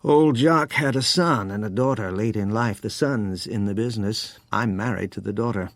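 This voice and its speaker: Man voicing weary american wine trader, forties, frank, wry, low voice, dry sound. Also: normal speed, no echo, natural voice.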